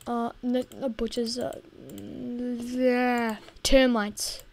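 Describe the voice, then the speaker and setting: A woman's voice: on the high side, fairly even intonation, very slow. A woman giving casual gameplay commentary, chatty and easily exasperated as she plays. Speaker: gaming video host.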